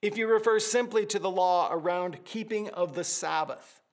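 A man with a rather high voice preaches to his congregation. He delivers the sermon in an animated way, building vivid word pictures and dropping in light humorous asides. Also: normal speed. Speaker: pastor.

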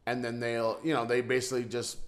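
A man's voice: medium pitch, monotone. Rambling man in casual chat. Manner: rambling, halting, with many restarts.

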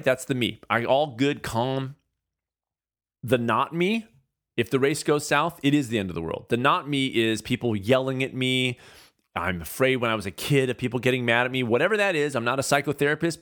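A man's voice: mid-range voice, a bit bright. A man talking straight to his listeners in a casual motivational monologue, earnest and conversational, repeating phrases for emphasis and restarting his sentences. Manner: restarts and stammers mid-thought.

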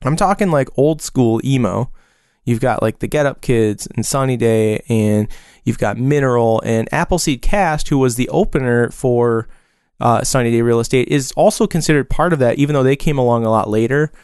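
A man in his forties, with a smooth, clear, darkish voice at medium pitch, tells a loose, rambling story in casual podcast chat. He speaks at a moderate pace, stopping and restarting with frequent fillers, recorded dry and close with no room sound.

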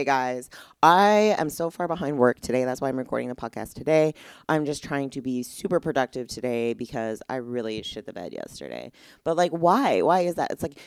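A woman's voice: rumbling low, no echo, studio quality. A young woman hosting a casual solo podcast, candid and exasperated, rambling with lots of "like". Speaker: podcast host.

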